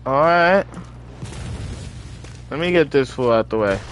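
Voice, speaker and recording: A young man streaming a video game, chatting casually in heavy slang and telling animated stories between excited outbursts. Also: medium pitch, unhurried, slight background noise. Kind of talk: casual stream chat while gaming.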